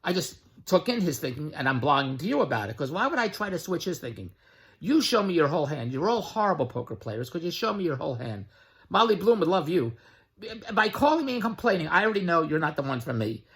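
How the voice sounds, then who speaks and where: A middle-aged man giving a blunt, pushy sales pitch straight to the camera, repeating his slogans and swearing freely. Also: big pitch swings, fast, fairly bright tone. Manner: blunt, pushy, repetitive hard sell with profanity. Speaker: online business promoter.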